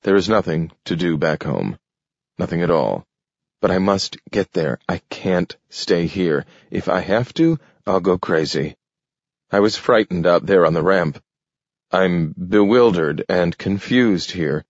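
A man's voice: low voice, animated, unhurried, dry recording, full character voice. A man playing a fretful, uneasy middle-aged man in a storybook reading, pleading as he talks. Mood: anxious. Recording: dull, dry lo-fi recording.

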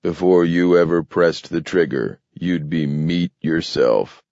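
A man playing a calm, menacing strongman who speaks slowly and taunts coolly. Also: sits low, vocal fry, no echo, lo-fi sound, heavily acted. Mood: taunting. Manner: slow, cool, taunting.

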